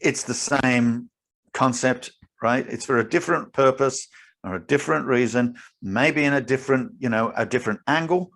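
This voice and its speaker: A man's voice: medium pitch, normal speed, vocal fry, a bit bright. A man co-hosting a casual podcast, explaining at length with restarts and easy laughs. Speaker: podcast co-host. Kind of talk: casual chat.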